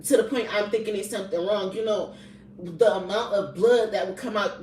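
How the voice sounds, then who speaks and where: A woman's voice: medium pitch, brisk, a little mellow. Blunt, profane woman telling her story. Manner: blunt and profane, with colloquial grammar. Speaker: vlogger sharing personal testimony. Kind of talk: candid personal storytelling. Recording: roomy echo, distant from the mic, faint background noise.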